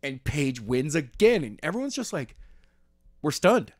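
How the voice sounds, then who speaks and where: A man co-hosting a casual wrestling podcast, animated and jokey, often slipping into silly voices for quotes. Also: fairly high pitch, moderate pace, no room sound, studio quality. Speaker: podcast co-host. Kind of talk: casual chat.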